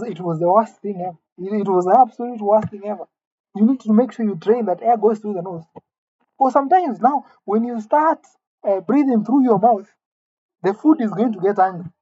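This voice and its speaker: A woman delivering a mock-serious comic rant, indignant and halting, often repeating her words. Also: medium pitch, mellow, muffled recording. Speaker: comedic vlogger.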